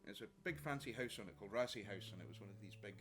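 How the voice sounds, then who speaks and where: A man, a folk musician, chatting to an audience at a house concert about the history of some tunes, with many halting pauses. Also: fairly low pitch, music in the background. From Scotland. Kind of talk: introducing tunes on stage.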